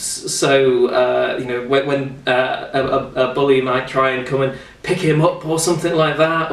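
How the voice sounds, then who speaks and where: A man's voice: medium pitch, far from the mic. Chatty English man hosting, roomy echo. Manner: chatty, rambling, many fillers. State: slightly out of breath. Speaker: host. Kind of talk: casual chat and card trick demo. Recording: roomy echo, off-mic, faint noise.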